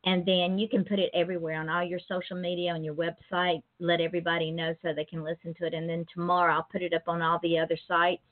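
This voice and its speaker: A woman hosting a casual talk show, her Southern US accent coming through as she chats and repeats words for emphasis. Her voice sits a little low. The sound is narrow and tinny, like a phone line. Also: level tone, quick pace, few pauses. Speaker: host.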